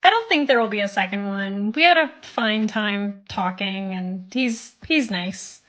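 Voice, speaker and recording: A woman vlogging, rambling flatly about a date. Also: medium pitch, measured pace. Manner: flat, rambling. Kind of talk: vlog.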